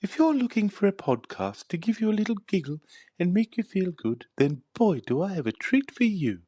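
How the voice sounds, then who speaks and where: Someone putting on a husky sweet old lady. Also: mid-range voice, very animated, normal speed, warm tone, dry recording. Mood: gushing. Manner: gushing, cosy and flirtatious. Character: sweet chatty elderly woman promoter.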